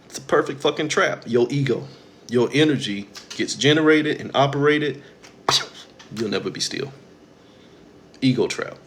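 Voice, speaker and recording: Brief: male host, mid-pitched, blunt and preachy, swears freely, mocks people in quick asides. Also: a bit bright, a little hiss or hum. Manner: blunt, profane and preachy, mimicking others in quoted asides. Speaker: spiritual talk host. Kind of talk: casual spiritual monologue.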